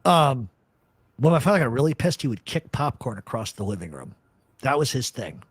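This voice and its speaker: A man's voice: medium pitch, very animated, moderate pace, breathy edge, no room sound. Male host, casual storyteller, profane and rambling, dry close sound. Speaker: podcast host.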